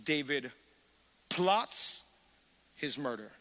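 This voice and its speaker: A man pastor preaching a sermon, animated, calling on the congregation to respond. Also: a little high, very slow. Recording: reverberant church hall.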